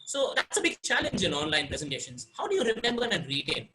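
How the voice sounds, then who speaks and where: A man from India giving a webinar on presentation skills, speaking expressively and playing with pauses and emphasis. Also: high voice, huge pitch swings, pushed and bright, slight background noise, poor audio. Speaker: webinar speaker, success coach. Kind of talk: online presentation training.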